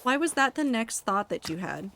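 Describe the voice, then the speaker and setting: A woman's voice: on the high side, very animated, normal speed, vocal fry, sharp tone, slight background noise, rough recording. Chatty woman streamer reading chat. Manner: chatty, wry, reacting to chat with asides and profanity.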